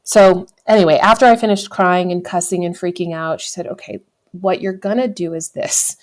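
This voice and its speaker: A podcast guest, an American woman in her thirties, tells a candid and reflective personal story in a slightly low, steady voice at a moderate pace, frequently stopping to correct herself and occasionally laughing.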